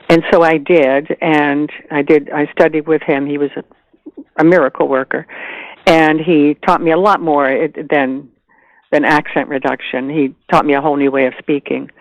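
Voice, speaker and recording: An older woman from the American South, an actress chatting as a guest in an animated way, with frequent restarts. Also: low-pitched, moderate pace, no room sound, dull audio. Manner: animated, chatty, laughs easily, many restarts. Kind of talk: casual interview chat.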